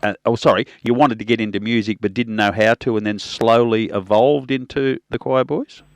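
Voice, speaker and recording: Older Australian radio host, low voice. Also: male voice, fairly even intonation, moderate pace, dry recording. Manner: asks questions, self-correcting. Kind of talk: conversational radio interview.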